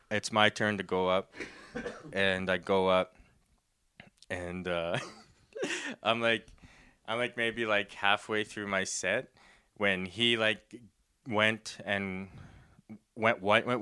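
A man's voice: lowish voice, expressive, slow, long pauses, pushed and bright, clear, resonant tone. A young man telling a story in casual chat, rambling with lots of "like", laughing often and acting out the voices.

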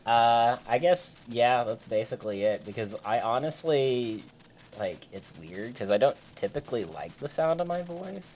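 Very deep, lively-voiced woman co-host. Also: moderate pace, rough recording. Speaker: podcast co-host. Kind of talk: casual chat.

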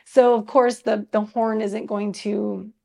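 Chatty, creaky-voiced woman musician. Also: mid-range voice, slow pace. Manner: chatty, animated storyteller, laughs often, many fillers. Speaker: musician guest. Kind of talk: casual interview chat.

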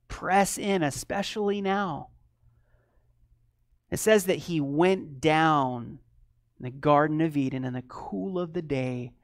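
A man preaching a sermon, swinging between loud animated storytelling and quiet, earnest teaching. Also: a little high, no echo, clean studio sound. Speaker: pastor.

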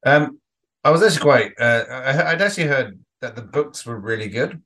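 A man's voice: medium pitch, expressive, moderate pace, fairly bright tone. A man co-hosting a casual podcast chat, rambling with frequent restarts and some swearing. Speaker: podcast co-host.

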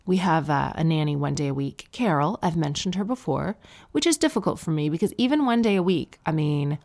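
A tired woman hosting a talk show, chatting casually and joking about herself with quick asides. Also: low-pitched, animated, a little mellow. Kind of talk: casual comedic monologue.

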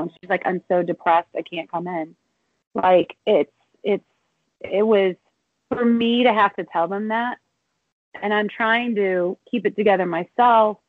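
A woman's voice: mid-range voice, no room sound. Tearful woman on a tinny phone line. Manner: tearful, halting, many restarts. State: close to tears. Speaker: restaurant and bar owner. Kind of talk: emotional interview over the phone.

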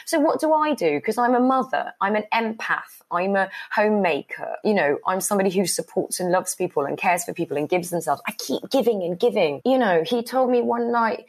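A woman's voice: mid-range voice, a little fast, few pauses. A woman in her forties speaking as an interview guest, talking frankly and vividly, swearing freely and acting out remembered conversations. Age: 40s. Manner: frank, expressive, swears, acts out quoted dialogue. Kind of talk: candid interview.

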